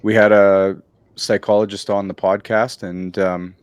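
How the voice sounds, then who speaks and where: Low-voiced male podcast host, supportive. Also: little pitch movement, measured pace, clean tone, no echo. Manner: supportive, conversational, with many fillers. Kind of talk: casual interview chat.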